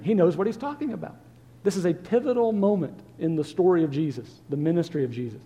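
A man preaches to his congregation in an earnest way, asking rhetorical questions as he works through the text. His voice sits a little high yet sounds mellow and warm. A long reverb trails each phrase, as if from a church sanctuary. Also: expressive, quick pace. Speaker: pastor. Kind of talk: sermon.

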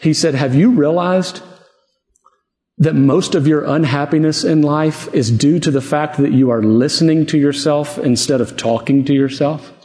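A man's voice: a little high, normal speed, dark tone. A man preaching a sermon in an earnest, conversational way, often asking rhetorical questions. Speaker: pastor. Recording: echoey hall with long reverb.

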